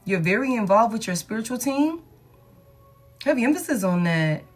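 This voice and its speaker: A woman's voice: a little high, big pitch swings, moderate pace, faint music behind. A woman giving a casual collective tarot reading, blunt and slangy, swearing freely and hyping the listener up. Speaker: tarot reader.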